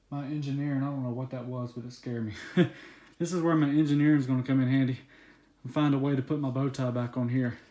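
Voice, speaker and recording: A young man in his twenties from the US South talks through an unboxing in a loose, rambling vlog, full of fillers and happy excitement. He sounds a little out of breath. The room around him rings with echo, and a faint hiss sits underneath. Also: mid-range voice. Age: 20s. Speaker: car vlogger.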